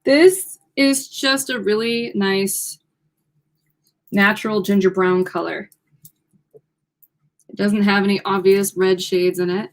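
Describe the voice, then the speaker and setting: A woman's voice: medium pitch, steady tone, slow, pauses often. Chatty upbeat woman modeling wigs. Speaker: livestream co-host modeling wigs. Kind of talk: casual livestream product demo.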